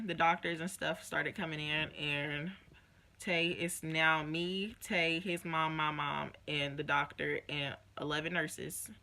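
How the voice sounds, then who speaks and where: A young woman vlogger telling a personal story in a casual, emotional way, acting out what others said. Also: sits low. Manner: emotional, animated retelling with quoted voices.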